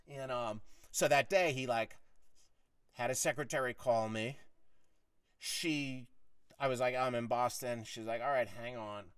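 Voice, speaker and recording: A middle-aged American man, a podcast host, tells a long story in a casual monologue, swearing freely and acting out heated arguments with animated energy. His mid-range voice moves fairly quickly, captured from a distance with no echo.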